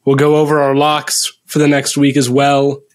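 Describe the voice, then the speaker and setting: A man's voice: medium pitch, monotone, normal speed. A man hosting a sports podcast, closing the episode with upbeat patter. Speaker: podcast host. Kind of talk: show sign-off.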